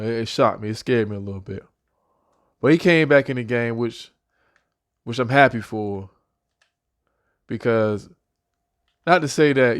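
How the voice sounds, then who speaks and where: This young man talks football as an excited fan in a casual prediction vlog. He repeats his points and runs through stats in a loose, chatty way. His voice sits at an everyday middle pitch for a man.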